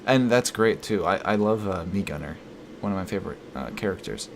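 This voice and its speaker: A man's voice: low voice, lively intonation, brisk, a little hiss or hum. A man streaming live, chatting casually and reading out viewer comments, rambling and correcting himself. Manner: rambling, self-correcting, chuckles often.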